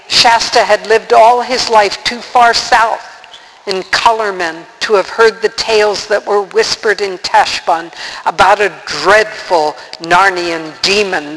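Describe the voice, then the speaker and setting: A man reading a storybook aloud in an unhurried, gentle storytelling manner. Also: sits high, in a large hall, slight background noise, poor audio. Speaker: narrator.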